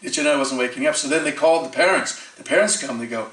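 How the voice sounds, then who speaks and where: A man tells devotional stories at a temple, animated and full of fillers as he slips into the voices of his characters. He sounds set back from the microphone, and his voice rings around a large, echoing hall. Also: medium pitch, quick pace, few pauses. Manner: animated storyteller acting out quoted voices, frequent fillers. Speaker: temple speaker. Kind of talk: storytelling sermon. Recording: echoey hall, distant mic.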